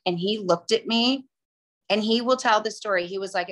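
A woman's voice: mid-range voice, fast talker. A middle-aged woman telling her personal story to a group, chatty and emotional. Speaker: guest speaker.

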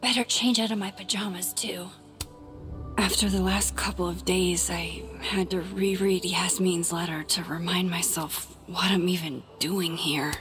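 A woman playing a quiet young photographer in a video game, thinking aloud in a hushed half-whisper. She talks slowly and carefully, as if turning each thought over. Soft game music plays underneath her. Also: fairly low pitch, fairly even intonation, natural voice. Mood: worried. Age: young adult. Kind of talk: video game inner monologue. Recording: game audio with background music.

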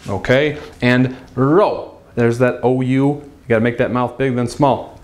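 A man's voice: medium pitch, normal speed, hardly any pauses. A man teaching Mandarin pronunciation in a video lesson, patiently repeating syllables with exaggerated tones and adding playful asides.

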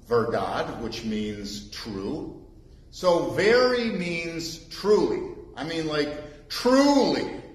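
A man's voice: medium pitch, a bit bright, echoey room, poor audio. A man preaching a sermon as pastor after reading scripture, emphatic and repeating key phrases for weight. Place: church sanctuary.

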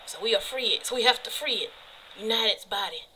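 A woman's voice: on the high side, fast, sharp tone, a little hiss or hum, low-quality recording. A woman doing a solemn country grandpa. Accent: Southern US country, put on. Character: country grandpa on a tape, male, older, solemn.

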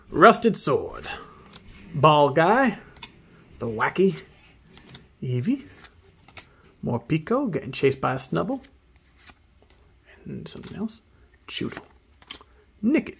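A man casually commenting while he opens trading card packs, excitable and often muttering card names half under his breath. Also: medium pitch, measured pace, gravelly, long pauses, husky. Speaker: card opening channel host. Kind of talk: casual pack opening commentary.

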